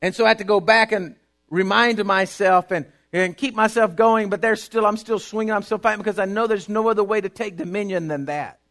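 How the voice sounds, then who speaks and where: A middle-aged man, preaching a sermon with emphatic repetition that climbs into shouting. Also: sits high, steady tone, fairly quick.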